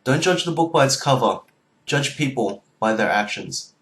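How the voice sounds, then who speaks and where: A young man, a university student, wrapping up his video in an energetic, earnest way. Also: medium pitch, moderate pace, low-quality recording. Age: young adult. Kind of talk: casual video outro to camera.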